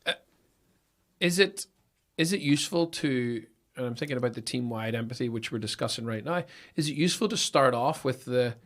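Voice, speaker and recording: A man's voice: mid-range voice, expressive, fairly quick. Thoughtful man hosting a podcast. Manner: thoughtful, thinking aloud with restarts. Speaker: podcast host. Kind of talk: podcast interview.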